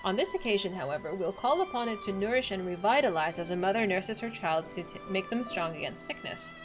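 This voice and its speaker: A woman reading a solemn woman elder's quest dialogue aloud in a measured, formal way. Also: medium pitch, lively intonation, music in the background, lightly acted.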